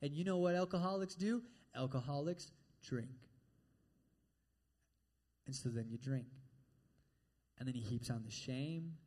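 A man's voice: medium pitch, dark tone, slightly rough. A man preaching a sermon in a church, talking directly and conversationally to the congregation and often checking in with "all right?".

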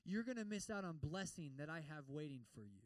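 High-voiced animated preacher man. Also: brisk, no echo, far from the mic, poor audio. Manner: animated, repeats words, acts out prayers. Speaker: pastor. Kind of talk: sermon.

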